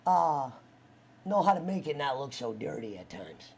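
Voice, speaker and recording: A man hosting a casual stream, his pitch swinging widely as he tells animated stories. He swears freely and talks loosely. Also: moderate pace, creaky, slight background noise. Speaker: streamer host. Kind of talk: casual group chat.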